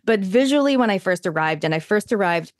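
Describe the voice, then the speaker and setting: A woman's voice: medium pitch, expressive, fairly quick, dry recording, clean studio sound. A woman in her thirties with a Canadian accent, chatting in an interview in an enthusiastic, talkative way with lots of fillers. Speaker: interview guest. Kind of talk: casual interview chat.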